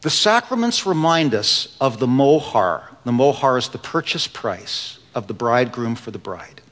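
Brief earnest preacher in an echoing hall. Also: male voice, mid-range voice, big pitch swings, moderate pace. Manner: earnest storytelling preacher, swings between hushed and rising emphasis. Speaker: pastor. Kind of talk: sermon. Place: church sanctuary. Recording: long reverb of a large hall.

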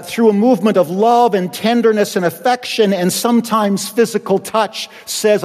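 A man's voice: high voice, a little mellow. Male pastor, sermon delivery, acts out quotes, reverberant church hall. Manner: preaching with acted-out quotes.

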